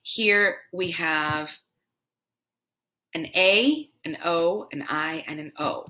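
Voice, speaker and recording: A young woman teaches pronunciation at a very deliberate pace, saying each word over and over so it sinks in. Her voice sits a little low but has a bright, forward edge. The delivery is patient and methodical, like a patient tutor. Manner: repeats each word slowly several times. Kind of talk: slow, repetitive language lesson.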